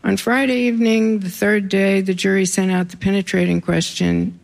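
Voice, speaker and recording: An author reading memoir pieces aloud to a live audience, with wry, deadpan asides between passages. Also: medium pitch, moderate pace, gravelly. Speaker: author reading their own writing.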